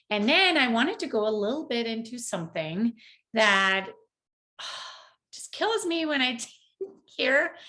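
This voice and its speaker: A woman's voice: a little high, pushed and bright. A woman who speaks English as a second language, a mother and teacher giving parents casual, earnest reading tips in a vlog. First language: not English. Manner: earnest, encouraging, talks straight to parents; acts out quoted parents and teachers in a lifted voice.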